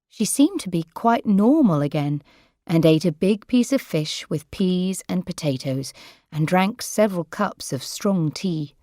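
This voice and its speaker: A woman reads a story for language learners slowly and deliberately, with a lively, expressive pitch. Her voice is close to the microphone in a dry room. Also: dry recording. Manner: slow, clear, measured. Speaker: narrator. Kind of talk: scripted storybook narration for learners.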